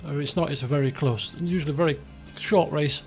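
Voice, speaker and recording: A man's voice: fairly high pitch, steady tone, a little fast, a little mellow, breathy edge, faint music behind. A man streaming a racing management game, chatting casually in a rambling, self-deprecating way. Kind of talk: casual live-stream commentary.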